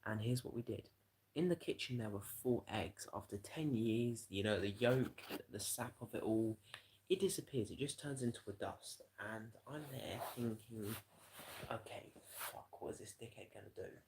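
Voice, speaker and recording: A man's voice: mid-range voice, moderate pace, a little mellow, a little hiss or hum. A man, livestreaming and telling a rambling, profane story to his chat in a casual way.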